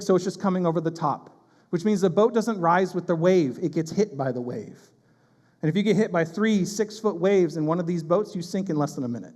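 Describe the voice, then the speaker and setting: A man preaching a sermon as pastor, animated and conversational, with quick asides and acted-out voices. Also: high-pitched. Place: church sanctuary. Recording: long hall reverb.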